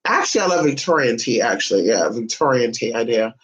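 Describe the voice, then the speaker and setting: A woman vlogger in casual chat to camera, sassy and chatty, calling her listeners honey and swinging her voice between high and low. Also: sing-song, quick pace, rough recording.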